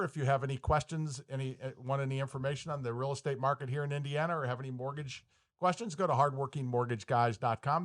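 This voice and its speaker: A man's voice: medium pitch, fairly even intonation, fast. A man in his fifties hosting a podcast from a studio, chatty and self-deprecating, joking about his own slips. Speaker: podcast host, mortgage lender. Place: recording studio.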